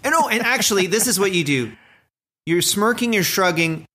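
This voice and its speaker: A man's voice: high-pitched, lively intonation, normal speed, sharp tone. A man co-hosting a comedy podcast, trading playful, absurd jokes in casual chat. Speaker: podcast co-host.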